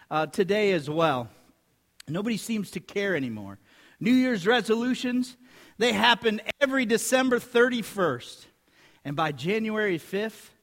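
A man's voice: high-pitched, a bit bright, in a large hall. A man preaching a sermon to his congregation, conversational and joking in his asides. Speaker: pastor. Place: church sanctuary.

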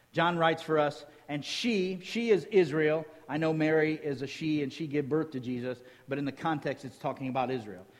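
High-voiced preacher in a reverberant hall. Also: male voice. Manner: lively teaching tone, quizzes the listeners with rhetorical questions, jokes in between. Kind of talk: sermon.

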